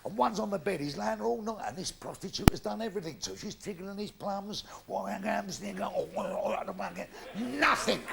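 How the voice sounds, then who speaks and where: A man's voice: high-pitched, moderate pace, creaky, hardly any pauses, crowd noise. An older man telling bawdy jokes in brash stand-up on a theatre stage. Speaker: stand-up comedian. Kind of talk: live stand-up comedy. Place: theatre stage before an audience.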